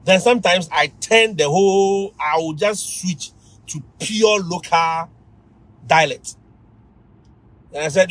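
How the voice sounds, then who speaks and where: A man with a Ghanaian accent, a teacher giving lively advice to fellow teachers on a livestream, often laughing and mimicking students. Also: a little high, a little slow, rough recording.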